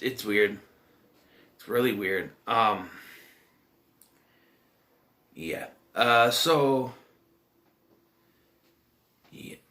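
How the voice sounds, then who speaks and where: A man's voice: medium pitch, bright, forceful tone. A man giving a casual, rambling solo movie review, with many restarts and fillers.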